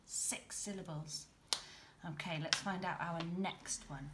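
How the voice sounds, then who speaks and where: A woman's voice: on the low side, a little slow, background noise. A young woman teaching a primary class, explaining patiently, checking in with "okay?", and sounding out words beat by beat. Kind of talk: recorded home-learning lesson.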